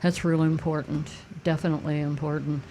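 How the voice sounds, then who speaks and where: A man's voice: fairly high pitch, level tone, a little fast, mellow, slight background noise. Chatty male radio host. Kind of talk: radio call-in hosting.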